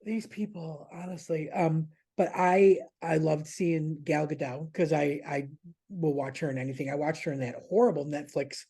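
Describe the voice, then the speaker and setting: A man's voice: fairly high pitch, steady tone, moderate pace, warm tone, slightly rough. A man chatting casually as a podcast's regular news contributor, rambling, laughing and swearing freely.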